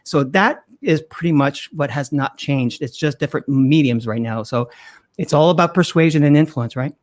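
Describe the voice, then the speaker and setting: A middle-aged man, a guest copywriter, talking in an interview with animated emphasis and frequent restarts. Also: on the high side, moderate pace. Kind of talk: interview conversation.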